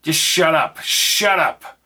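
Mean henchman barking orders, loud and bright, the male narrator putting it on. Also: fairly high pitch, expressive, takes it slowly, husky, voice pushed up, exaggerated voice. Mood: gruff. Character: brutal armed henchman, short-tempered.

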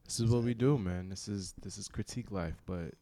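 A man's voice: on the low side, brisk, dark tone. A man co-hosting a casual podcast, critiquing a beat in a rambling, filler-heavy way. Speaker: podcast co-host and rapper.

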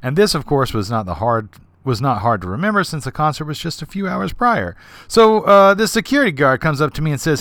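Animated male podcast storyteller. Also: mid-range voice, brisk, dry recording, studio quality. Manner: animated, with vivid character voices. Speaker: podcast host. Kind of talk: anecdotal storytelling.

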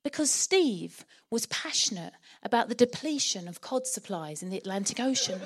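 A woman's voice: high-pitched, lively intonation, normal speed, pushed and bright. A middle-aged woman with an Essex accent, preaching a sermon in church in a chatty storytelling way and laughing often.

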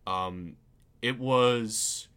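A man's voice: medium pitch, very slow, a bit bright, clean tone. A young adult man co-hosting a casual podcast, chatty and prone to long explanations. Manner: chatty, explains things at length. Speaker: podcast co-host. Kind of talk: casual chat.

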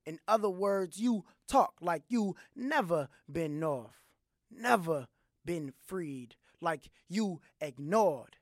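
Spoken word poet, slow rhythmic emphatic delivery, dry close sound. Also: medium pitch, animated, no echo. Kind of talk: spoken word poetry performance.

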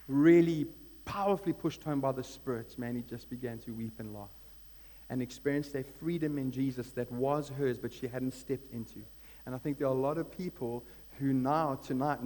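A man's voice: medium pitch, warm tone. A man preaching a sermon as pastor, earnest and building to emphatic peaks. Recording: long hall reverb with mains hum.

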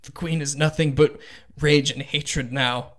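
Guy doing a wrecked grieving dad, sobbing and halting, a bit raised. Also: fairly high pitch, fairly even intonation, fairly bright tone. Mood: grief-stricken. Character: grieving broken middle-aged nobleman father.

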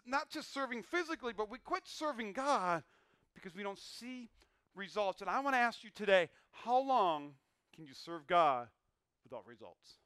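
A man preaching a sermon in a high, bright voice. He is emphatic, repeats his lines and swings from near quiet to loud bursts. The sound is smooth and dry on a close mic. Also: sing-song, moderate pace, dry recording. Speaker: pastor.

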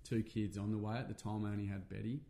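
Middle-aged Australian man, lower pitch, casual earnest storyteller, swears freely, light background noise. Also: little pitch movement, fast talker, gravelly, dark tone. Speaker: podcast guest, men's workshop facilitator.

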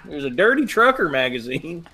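A man's voice: fairly high pitch, big pitch swings, moderate pace, sharp tone, husky. A man bantering about a movie with a co-host, swearing and laughing as he chimes in. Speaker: podcast co-host. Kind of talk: casual movie recap chat.

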